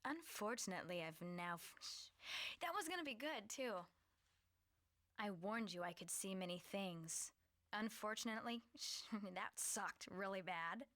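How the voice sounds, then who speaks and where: A woman's voice: medium pitch, lively intonation, normal speed, sharp tone. A woman recording game lines for a fan dub, giggling and mocking her own flubs. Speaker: fan voice actor. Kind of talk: reading game dialogue takes.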